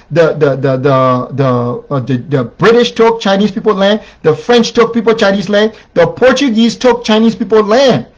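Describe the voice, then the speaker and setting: A man's voice: sits high, muffled recording. A man giving an unscripted history lecture, often restarting and repeating words as he goes. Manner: repetitive, many restarts and filler "the, the".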